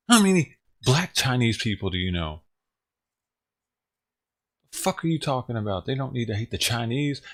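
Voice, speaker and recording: A man's voice: medium pitch, breathy edge. A man ranting on his own livestream, talking casually and profanely, rambling and chuckling as he goes. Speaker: livestream streamer.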